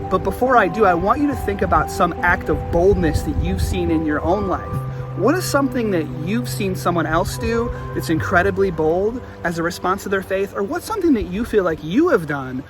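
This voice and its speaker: A male pastor preaching an online sermon, telling the story in an animated, jokey way. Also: high voice, a little fast, over music.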